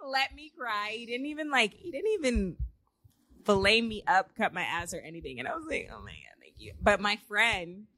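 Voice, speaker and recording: A woman's voice: medium pitch, moderate pace, dry recording, studio quality. A young woman co-hosting a casual chat podcast, telling stories with lots of laughter and acted-out quotes from her home office. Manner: animated storytelling, laughs often, acts out quotes. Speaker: podcast co-host.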